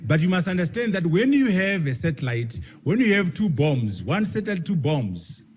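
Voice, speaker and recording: A man speaking at a public forum gives an emphatic speech in a high-pitched, sing-song voice at normal speed, with a little hiss or hum in the audio. He repeats key phrases, stretches words for emphasis, and puts rhetorical questions to his audience.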